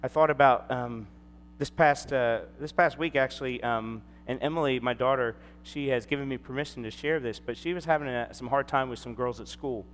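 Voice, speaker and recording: In a medium-pitched voice, a little fast, a middle-aged pastor tells a personal story during his sermon, animatedly performing the quoted voices. Long hall reverb and a faint hum color the sound.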